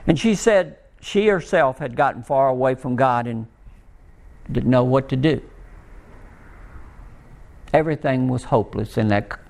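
A man preaching a sermon, rising and pleading at times, then dropping low and soft to tell a story. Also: gravelly. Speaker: pastor.

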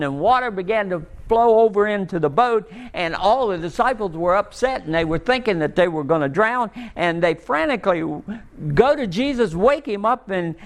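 High-voiced male pastor preaching. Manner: swings between raised pleading and soft low storytelling. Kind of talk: sermon.

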